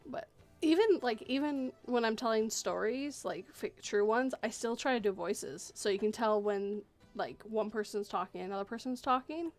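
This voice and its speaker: A woman's voice: fairly high pitch, moderate pace, a little mellow, soft background music. Woman host reading horror, then chatting. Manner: clears throat often, laughs a lot while chatting. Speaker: livestream host and horror story reader. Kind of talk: reading a horror story, then casual chat.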